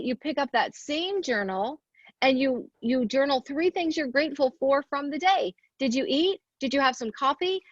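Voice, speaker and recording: A woman's voice: high-pitched, no room sound, dull audio. A woman giving an earnest motivational talk, asking rhetorical questions and counting off her points. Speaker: speaker at a women's leadership event.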